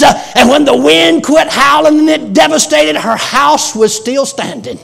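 Fervent, shouting preacher man. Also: very high voice, expressive, unhurried, creaky, few pauses, some chatter behind. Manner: fervent, often shouting, with frequent "uh" fillers. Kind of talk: Pentecostal sermon.

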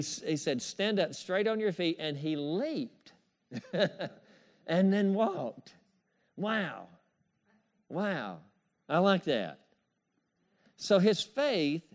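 A man delivers a sermon in a high, ringing voice. He preaches emphatically, repeats key phrases and draws amens from his listeners, now and then chuckling between points. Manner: emphatic, repetitive call-and-response preaching with chuckles. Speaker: pastor.

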